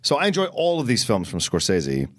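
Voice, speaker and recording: Man, podcast co-host, casual film talk, animated delivery, very lively pitch, dry sound. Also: fairly quick, no room sound. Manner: animated, enthusiastic, talks in bursts with restarts.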